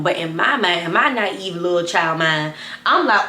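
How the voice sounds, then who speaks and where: A young woman telling a wild personal story to camera, animated and chatty, talking straight to her viewers. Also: moderate pace, reverberant. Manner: animated, addresses viewers as y'all, bursts of high excited retelling. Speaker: storytime vlogger.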